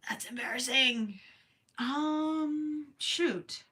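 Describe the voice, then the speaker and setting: With slight background noise, a young Minnesotan host stretches out her words in a high, pushed, bright voice. Crocheting on a late-night livestream, she giggles, chats, and reads comments aloud, tired and concerned she'll lose her voice.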